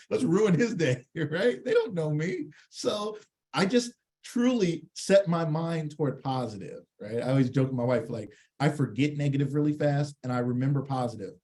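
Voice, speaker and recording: Upbeat male trainer on a video call. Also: fairly high pitch. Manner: lively, jokey, acts out little scenes in changing voices; engages the chat audience with questions. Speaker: workshop presenter. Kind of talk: live online training talk.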